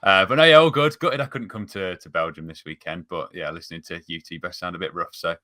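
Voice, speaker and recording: An English man with a very low voice and a bright, forceful tone jokes wryly on a podcast. He keeps things laid-back and dry. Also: fast. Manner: wry, laid-back joking. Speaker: podcast regular. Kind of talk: casual chat.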